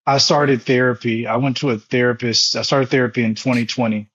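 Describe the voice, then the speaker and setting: A man's voice: mid-range voice, steady tone, brisk, fairly bright tone, muffled recording. A man in his thirties, a former pastor, telling his own story with emotion and repetition in an interview. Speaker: guest, foundation founder and former pastor.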